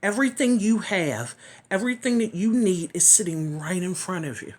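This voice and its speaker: A woman giving a heartfelt personal testimony, earnest and reflective, often pausing and sometimes dropping to a whisper. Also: mid-range voice, lively intonation. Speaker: chronic illness vlogger.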